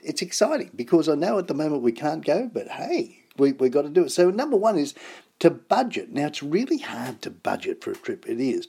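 A man's voice: medium pitch, a little mellow, breathy edge. An Australian man hosting a radio show, chatting casually and reading an ad in an upbeat, repetitive way. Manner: chatty, upbeat, repeats himself. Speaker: radio host. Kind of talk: casual radio chat with ad reads.

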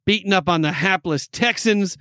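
A podcast co-host with a fairly high voice chats casually about football, firing off scores and stats in quick bursts and laughing easily. His sound is pushed and bright, close and dry on the mic with no echo.

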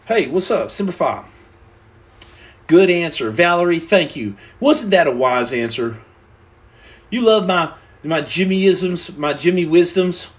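A young man hosting a livestream from a room at home, answering viewer comments with boastful deadpan jokes and tall tales. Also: fairly high pitch, unhurried. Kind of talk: joking livestream chat.

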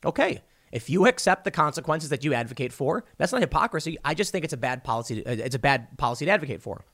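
A man's voice: on the high side, expressive, fast, a bit bright. A man giving argumentative political commentary, emphatic and rhetorical, often reading reports aloud and answering them. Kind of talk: opinion commentary.

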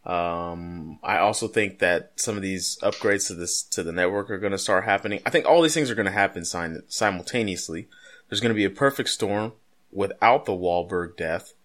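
Low-voiced male co-host, loose and jokey, rambling delivery. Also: moderate pace, a bit bright. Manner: joking, rambling, pop-culture asides. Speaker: podcast co-host. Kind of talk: casual chat.

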